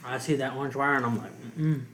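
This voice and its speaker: A man's voice: medium pitch, quick pace, a bit bright, slight background noise. A young man co-hosting a podcast, talking in blunt, profane casual chat. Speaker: podcast co-host.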